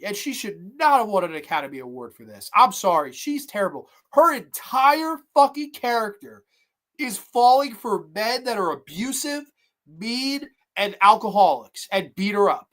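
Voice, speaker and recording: A movie review podcast host rants bluntly about a film she dislikes, swearing a lot and sounding exasperated. Her voice is a little high and very animated, at a normal speed.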